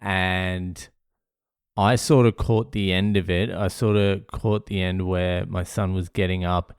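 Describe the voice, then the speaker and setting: A man's voice: low voice, flat delivery, slow, smooth, no room sound, clean studio sound. A man telling a story to camera in a blunt, sweary way, getting worked up as he talks. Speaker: vlogger.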